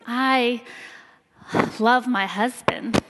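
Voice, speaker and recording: A woman in her forties from Indiana, giving a personal talk in church with slow, emphatic storytelling. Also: a little high, steady tone, background noise. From Indiana, USA. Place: church sanctuary. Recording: long hall reverb.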